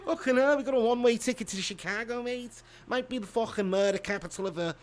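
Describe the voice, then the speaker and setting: A man's voice: very high voice, fast talker, voice pushed up. A man voicing a cocky, foul-mouthed Liverpool man in a put-on Liverpool accent. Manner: swaggering, swearing.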